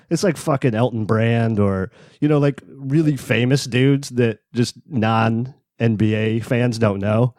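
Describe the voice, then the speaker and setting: A laid-back man chatting on a podcast, his voice at an ordinary middle pitch. The sound is dry and close, with no room around it. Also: a little slow, hardly any pauses, darkish tone, no echo. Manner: laid-back, swears casually, acts out quotes. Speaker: podcast co-host. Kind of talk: casual chat.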